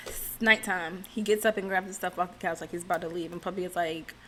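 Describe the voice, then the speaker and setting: Chatty, sarcastic woman with a lowish voice. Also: fairly even intonation, quick pace, slight background noise. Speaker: reality TV recap vlogger. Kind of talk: casual recap chat.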